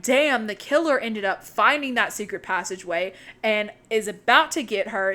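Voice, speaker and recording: A young woman co-hosting a podcast, excitedly retelling a movie's plot in casual chat and swearing freely. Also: on the high side. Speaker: podcast co-host.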